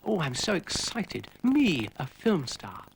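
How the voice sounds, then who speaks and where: A man putting on an eager little girl from a cartoon, chirpy and breathless with excitement. Her voice sits above the narrator's and moves around a lot. The delivery is slow. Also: on the high side, vocal fry, a little hiss or hum, pitched above the performer's own voice, full character voice, poor audio. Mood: excited. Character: bright, excited young girl.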